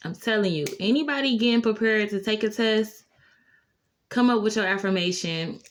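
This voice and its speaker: An earnest young woman nurse shares a casual storytime with her viewers. She talks in an encouraging, faith-filled way and fills her sentences with "like" and "you know." Her pitch sits at a middle level for a woman. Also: normal speed. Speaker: nurse and vlogger.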